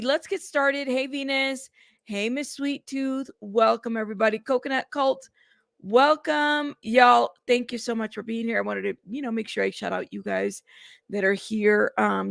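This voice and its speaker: A woman's voice: sits high, creaky, fairly bright tone, no echo, studio quality. A woman hosting a casual news livestream, greeting chatters by name in a chatty way. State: out of breath.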